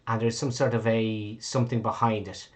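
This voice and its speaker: A man's voice: fairly low pitch, level tone, normal speed, background noise. A man running a tabletop game as game master, rambling and correcting himself with casual swearing.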